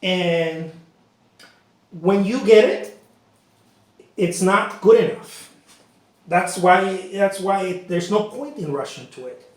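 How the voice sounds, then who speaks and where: A man's voice: high voice, slow pace, pauses often. A man teaching painting in a casual, rambling way, often repeating himself and saying "you know" while he works. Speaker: painting instructor. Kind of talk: casual talk during painting session. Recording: very echoey room.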